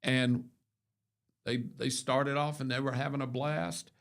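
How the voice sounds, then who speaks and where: A man's voice: medium pitch, flat delivery, measured pace, vocal fry, fairly bright tone. An older man hosting a morning show, telling long rambling stories in casual chat, full of restarts and asides. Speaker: radio show host.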